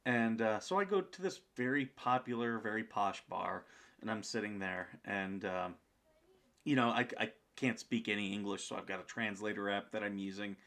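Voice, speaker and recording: A man, a podcast guest, telling a story in a casual, animated way, acting out the people in it, with plenty of fillers. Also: fairly low pitch, moderate pace. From United States.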